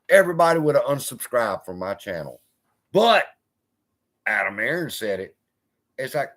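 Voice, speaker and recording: A man's voice: on the high side, lively intonation, moderate pace, a bit bright. A man hosting a live investing stream, talking in a blunt, profane, storytelling way. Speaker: investing channel host.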